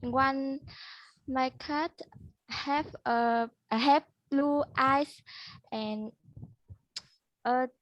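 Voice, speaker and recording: Halting high-voiced woman, dull dry audio. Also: fairly even intonation, dry recording. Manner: halting, searching for words. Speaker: student. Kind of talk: answering a speaking test question.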